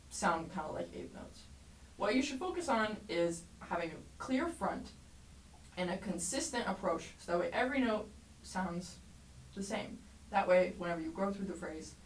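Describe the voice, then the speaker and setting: Woman teaching trumpet in a roomy space. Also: medium pitch. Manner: clear, encouraging, explanatory, sings rhythms aloud. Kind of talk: music lesson tutorial. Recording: roomy echo, mic at a distance, faint background noise.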